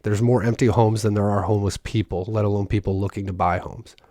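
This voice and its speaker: A man's voice: on the low side, steady tone, fast, dark tone, no room sound, clean studio sound. A man reading a news article aloud and breaking off for sarcastic commentary. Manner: sarcastic, breaks off to mock the text. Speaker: political commentator.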